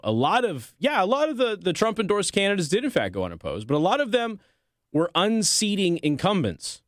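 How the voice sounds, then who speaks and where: A man with a slightly higher voice runs a political commentary show. He reads news passages aloud, then cuts in with biting, combative remarks. The recording is dry and close, with no room sound. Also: no room sound. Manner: sarcastic, combative asides between read passages.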